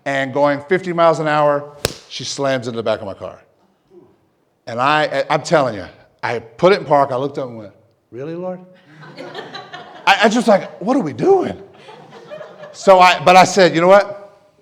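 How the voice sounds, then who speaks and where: A middle-aged male pastor telling a personal story in a sermon, lively at times and dropping to a soft hush when he prays. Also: a little high, normal speed, long pauses. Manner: animated storyteller, drops to a soft hush for prayer.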